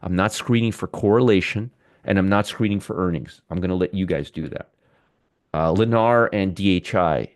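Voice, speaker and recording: Low-voiced man talking stocks live. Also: moderate pace, dry recording, studio quality. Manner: chatty, reads viewer comments, jokes and teases. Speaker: stock market show host. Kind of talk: live market livestream commentary.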